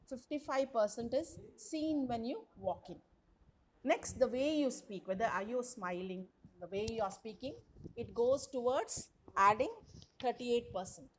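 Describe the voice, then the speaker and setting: A woman's voice: a little high, a bit bright, slight background noise. A woman lecturer, teaching a college class over a video call in a chatty way, often asking the students questions. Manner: chatty, repeats words, asks the class questions. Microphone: computer mic on a video call.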